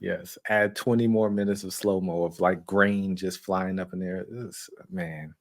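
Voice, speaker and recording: A man's voice: low voice, fairly even intonation, measured pace. A man talking as a guest on a casual live movie chat, rambling with many fillers and restarts.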